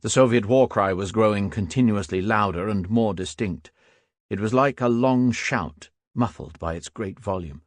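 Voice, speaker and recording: A man narrating a first-person war memoir audiobook in a steady, grave manner. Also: on the low side, normal speed, dry recording.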